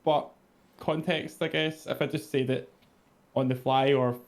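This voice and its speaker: A man's voice: medium pitch, fairly even intonation, a little slow. Laid-back Scottish man chatting. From Scotland. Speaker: podcast co-host. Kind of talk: casual chat.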